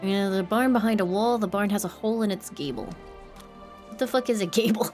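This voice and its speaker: A woman's voice: mid-range voice, brisk, a little mellow, soft background music. A young woman streamer chatting casually to her viewers while playing a game, giggling and swearing now and then. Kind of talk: casual gameplay commentary.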